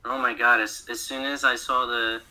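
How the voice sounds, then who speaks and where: A man's voice: medium pitch, little pitch movement, normal speed, sharp tone, rough recording. A man, a guest voice actor, chatting casually on a podcast, laughing often and filling his speech with "like".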